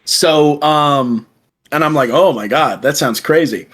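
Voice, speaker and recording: A young man co-hosting a podcast in casual chat, excitedly retelling events and acting out the quoted lines. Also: a little high, a little slow, poor audio. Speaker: podcast co-host. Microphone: remote call.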